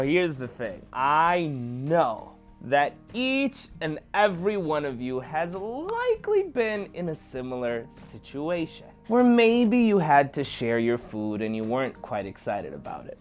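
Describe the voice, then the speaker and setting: Man, animated children's storyteller, pitch swinging widely, soft music under. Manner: animated, playful.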